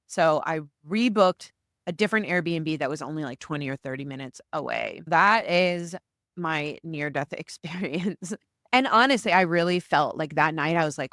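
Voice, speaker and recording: An American woman hosting a solo podcast, telling stories in a chatty, animated way. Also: sits low, moderate pace, dry recording, studio quality. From United States. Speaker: podcast host.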